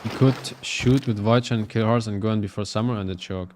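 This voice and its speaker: A man's voice: lowish voice, steady tone, brisk, noisy background. A man casting a live strategy game match, giving loose, thinking-aloud play-by-play. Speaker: esports caster.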